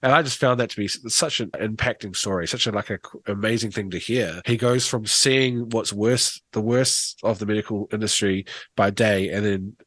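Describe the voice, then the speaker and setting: The host is a man with a fairly low voice who speaks in a loose, rambling way with plenty of fillers. The sound is close and dry. He tells a long story in a casual podcast chat. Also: normal speed, a bit bright, dry recording.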